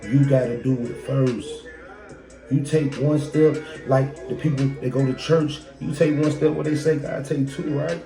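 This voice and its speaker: A man's voice: mid-range voice, fairly even intonation, measured pace, gravelly. A man hosting a podcast, giving a blunt, profane motivational monologue full of rhetorical questions. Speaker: podcast host. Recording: echoey room with loud music behind.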